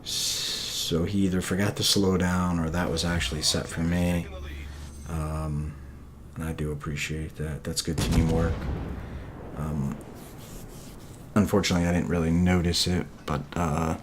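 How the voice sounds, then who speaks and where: Deep-voiced man commentating a game replay. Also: a little slow, slight background noise. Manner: relaxed, hesitant, many fillers. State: tired, yawning. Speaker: gameplay commentator.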